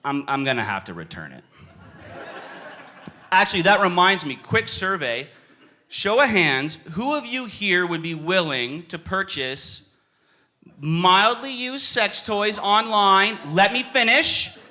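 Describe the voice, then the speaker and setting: A young man doing stand-up in a comedy club, his voice bright and higher than most men's. He swings his pitch all over the place and breaks into sudden yells when he acts out his stories. Audience laughter rises behind him. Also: takes it slowly. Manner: animated, yelling bursts in acted-out stories.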